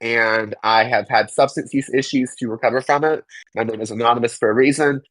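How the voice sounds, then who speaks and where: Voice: medium pitch, steady tone, brisk, fairly bright tone, no echo, rough recording. A young adult interview guest giving emphatic, indignant personal testimony, swearing freely and mocking others in quoted voices.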